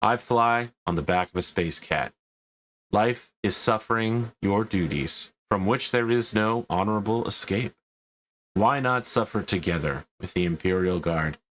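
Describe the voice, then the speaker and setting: A man's voice: lowish voice, measured pace, a bit bright, slight background noise. A man voicing a grim male lieutenant reading a solemn recruitment advert in a tabletop game. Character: grim male recruitment officer, space cat rider.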